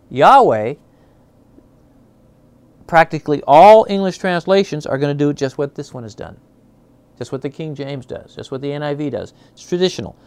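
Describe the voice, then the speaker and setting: A man teaching a Bible class in a classroom. He talks conversationally, often checks in with "okay?", gropes for words and slows down to sound out Hebrew words. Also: fairly high pitch, darkish tone, dry recording. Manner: searches aloud for words, with fillers and restarts.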